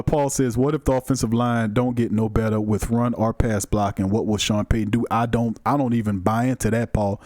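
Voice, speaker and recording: A man's voice: medium pitch, no room sound, clean studio sound. A man hosting a live sports call-in show, talking emphatically and casually to his chat. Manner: animated, emphatic, colloquial, talks to the chat. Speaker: sports talk show host.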